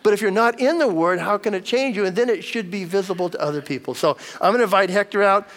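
A man's voice: high-pitched, fast, fairly bright tone. A middle-aged man preaching a sermon as a pastor, chatty and storytelling, repeating words as he goes. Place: church hall. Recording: long reverb of a large hall.

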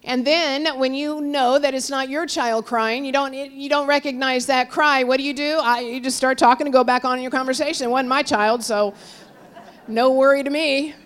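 A woman preaching in a slightly high voice. She tells a story with strong swings, rising loud and high for the cries, then sinking to soft, low murmurs. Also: steady tone, normal speed. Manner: storytelling, dramatic swings from loud cries to hushed near-whispers; quotes figures in raised voices, drops low and soft on God. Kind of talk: sermon.

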